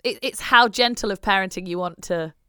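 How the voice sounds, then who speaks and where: A woman in her thirties talks through her parenting choices on a podcast, often second-guessing herself aloud. Her voice is smooth and clear, at an ordinary middle pitch. The recording is dry and close. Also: brisk, dry recording. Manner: thoughtful and self-questioning, warm agreeing. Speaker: podcast co-host. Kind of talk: casual chat.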